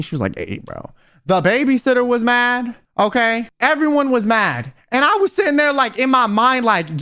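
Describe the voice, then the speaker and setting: A young man with a fairly high voice tells a personal story to his viewers in an animated, exasperated rant. His delivery swings between loud indignant bursts and low muttered asides. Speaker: vtuber storyteller.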